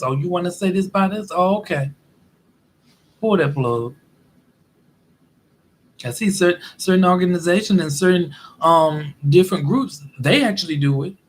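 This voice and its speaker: A man vlogging in casual commentary, telling stories in an animated way and acting out quotes as he goes. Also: high-pitched, a little hiss or hum. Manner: animated storytelling with acted-out quotes.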